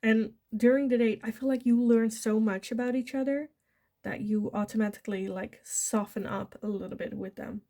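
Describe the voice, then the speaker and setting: A woman with a fairly high voice talks through a pick-a-card tarot reading. She keeps it chatty and giggly, slipping into little voices to act out what people might say. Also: steady tone, normal speed, mellow. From Netherlands. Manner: chatty, giggly, acts out quoted lines. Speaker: tarot reader.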